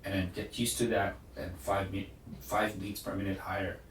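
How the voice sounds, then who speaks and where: A man's voice: low-pitched, little pitch movement, moderate pace, slight background noise. A man teaching a drum lesson, counting beats aloud and explaining in plain words. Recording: echoey room, far from mic, loud drumming. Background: drum pad and metronome clicks.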